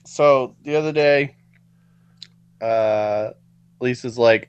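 A man co-hosting a podcast, relaxed and easygoing while telling a story in a casual chat. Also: medium pitch, unhurried, smooth. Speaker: podcast co-host.

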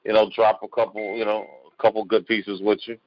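A man reciting spoken word poetry slowly and deliberately as a guest poet on an online call. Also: lowish voice, little pitch movement, no room sound. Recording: muffled lo-fi call audio.

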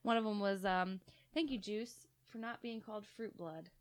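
A woman's voice: mid-range voice, moderate pace, no echo. A woman co-hosting a casual podcast, rambling through strange stories and trivia, giggling and swearing freely. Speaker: podcast co-host.

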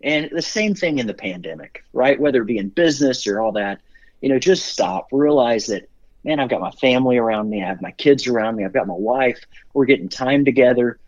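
A man's voice: mid-range voice, expressive, brisk, a little mellow. Upbeat rambling man, dull lo-fi sound. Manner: rambling, upbeat, many fillers and restarts. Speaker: guest, company CEO. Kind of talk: casual interview storytelling.

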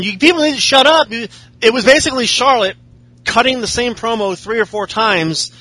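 A man's voice: high voice, bright, forceful tone, no echo. A man casually recapping wrestling shows in a sardonic, profane way. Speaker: podcast host.

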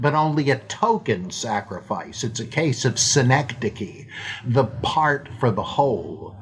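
Guy rambling slowly thru listener questions on his podcast, tons of ums, mid voice. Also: medium pitch, animated. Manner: slow and rambling, many fillers and restarts; acts out quoted lines in playful voices. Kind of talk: unscripted monologue.

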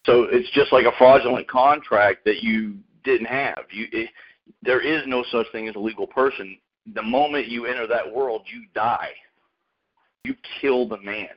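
A man's voice: medium pitch, moderate pace. A man hosting a radio show, talking in a rambling, casual way and calling people dude and man. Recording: muffled lo-fi radio audio.

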